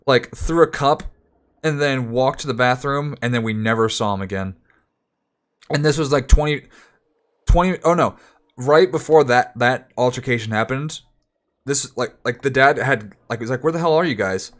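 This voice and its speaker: A man's voice: mid-range voice, moderate pace. A young man streaming, telling a story in casual, rambling talk full of restarts, sometimes acting out other people in raised voices.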